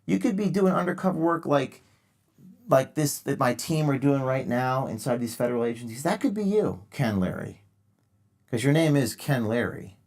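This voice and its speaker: A man's voice: medium pitch, lively intonation, moderate pace, darkish tone. A man hosting a live call-in show, lecturing callers in a sarcastic, mock-earnest way. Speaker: show host taking calls.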